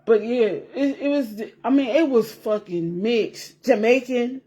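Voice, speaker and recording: A woman's voice: a little high, animated, a little slow, mellow, husky. A woman vlogger chatting casually to her viewers, rambling and repeating herself, swearing freely and laughing as she talks. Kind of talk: casual chat to camera.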